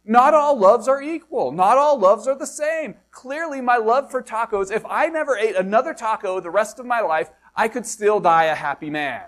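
A man's voice: sits high, animated, normal speed, hardly any pauses, a bit bright. A middle-aged man from the United States preaching a sermon in a conversational way, asking rhetorical questions. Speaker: pastor.

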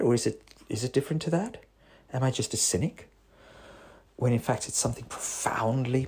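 Husky man rambling wryly. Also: medium pitch. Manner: rambling, self-interrupting, wry. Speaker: psychotherapist. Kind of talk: casual voice note monologue.

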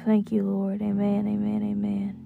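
A woman's voice: medium pitch, completely flat delivery, gravelly. A woman podcast host giving a fervent spoken prayer and testimony while lying down in a closet, her voice muffled. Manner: fervent, repetitive, drawn-out praise. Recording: muffled closet recording over guitar music. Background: soft guitar music.

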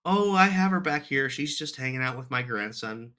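A man voicing a sweet, gentle woman in her seventies. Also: mid-range voice, animated, moderate pace, pitched above the performer's own voice. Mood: kind. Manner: gentle and kind.

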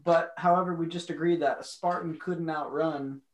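Male podcast co-host, higher-pitched, casual and rambling, jokey. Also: steady tone, moderate pace, rough recording. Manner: enthusiastic, rambling, joking. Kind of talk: casual chat.

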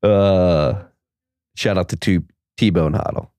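A male podcast host chatting casually in a very deep voice. He rambles loosely with many fillers. The sound is close and dry. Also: slow, mellow, no echo. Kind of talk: casual chat.

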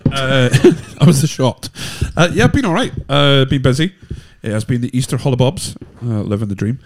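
A man's voice: mid-range voice, animated, moderate pace, gravelly, a little hiss or hum. A man from Northern Ireland, co-hosting a podcast and chatting in a joking, rambling way. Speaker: podcast co-host. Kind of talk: casual chat.

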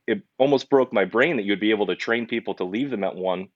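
A young pizzeria owner with a deep, low voice tells his story as a podcast guest in a casual interview, talking at a quick pace. He's earnest and animated, stumbling and restarting along the way. The recording is dry, a bit dull and lo-fi, with no room sound.

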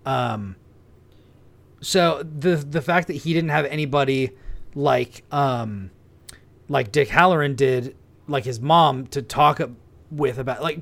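A man co-hosting a casual film discussion, animated and often correcting himself mid-sentence. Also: medium pitch, vocal fry. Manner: animated, trailing, self-correcting.

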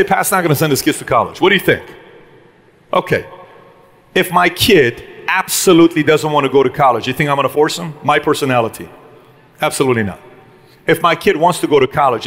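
A man's voice: fairly high pitch, a bit bright. A middle-aged man giving an emphatic motivational business talk to a live audience, acting out short dialogues. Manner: punchy, emphatic, acts out quick dialogue. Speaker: speaker addressing a business audience. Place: event hall with a live audience.

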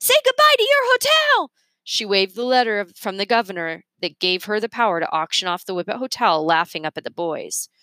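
A woman reading a children's novel aloud with expressive, measured storytelling. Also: medium pitch, no echo. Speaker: reader.

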